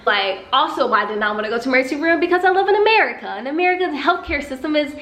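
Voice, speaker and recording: A young woman with a slight Southern country accent tells a personal story in a vlog, acting out the people in it with lively put-on voices. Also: high voice, rapid-fire. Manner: animated, acts out dialogue with exaggerated voices. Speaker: vlogger. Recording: echoey room with faint music.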